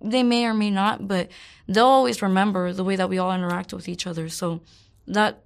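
A woman's voice: mid-range voice, steady tone, a little fast, creaky. A woman in her twenties frankly telling her life story in an interview, rambling with many fillers and curse words. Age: 20s. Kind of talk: candid personal storytelling.

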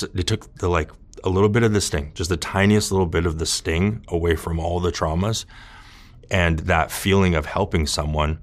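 A man openly telling his own recovery story, earnest and halting, with many restarts and "you know.". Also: low voice. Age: adult with children. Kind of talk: candid personal testimony.

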